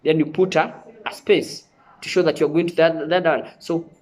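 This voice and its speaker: A man's voice: on the high side, fairly even intonation, moderate pace. A man teaching a televised lesson, repeating himself and often checking that viewers follow. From Kenya. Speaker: sign language teacher.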